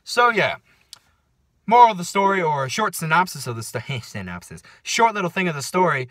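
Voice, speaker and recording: A man's voice: a little high, sing-song, brisk, a bit bright, dry recording, clean studio sound. A man telling a story in a casual vlog rant, profane and sarcastic. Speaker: vlogger.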